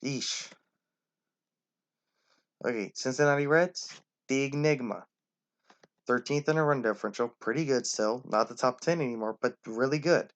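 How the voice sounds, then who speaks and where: A man's voice: medium pitch, moderate pace, long pauses, lo-fi sound. A man giving casual, opinionated rankings commentary and talking straight to the teams. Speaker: sports commentator.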